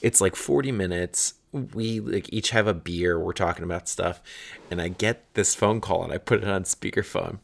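A man's voice: sits low, normal speed, vocal fry. A man in his thirties telling a casual, rambling anecdote with frequent restarts and some swearing.

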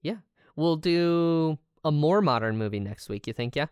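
A woman's voice: sits low, lively intonation, moderate pace, darkish tone, smooth, no echo, clean studio sound. A woman co-hosting a podcast in casual chat, laid-back and drawling with lots of filler words. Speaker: podcast co-host.

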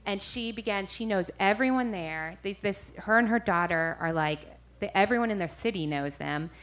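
A woman's voice: medium pitch, moderate pace, a bit bright. A woman minister giving a personal testimony to an audience, storytelling animatedly with frequent self-corrections. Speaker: street minister.

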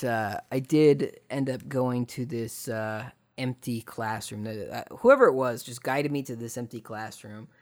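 A man's voice: medium pitch, darkish tone. A man in his thirties telling a personal story casually, sarcastic and rambling with fillers and restarts.

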